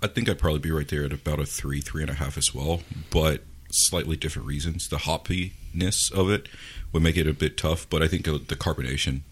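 A man in a casual beer-tasting chat, giving thoughtful, halting opinions with many fillers. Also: very deep voice, steady tone, slight background noise. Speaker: co-host.

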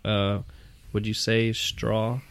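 A man's voice: on the low side, flat delivery, slow pace, creaky, clean tone, dry recording. Dry-toned man tasting beer. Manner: dry, teasing, reads label copy aloud. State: slightly husky today. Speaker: beer podcast co-host. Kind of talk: casual beer tasting chat.

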